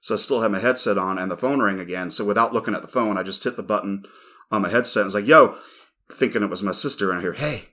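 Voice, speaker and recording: A man's voice: lowish voice, fast talker, sharp tone. A man co-hosting a podcast, telling a rambling, profane story in casual chat. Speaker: podcast co-host.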